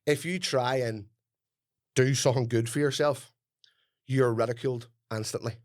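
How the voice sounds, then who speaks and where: A man's voice: mid-range voice, moderate pace. A young Irish man, a comedian co-hosting a podcast, ranting through stories in casual chat. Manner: animated ranting storyteller.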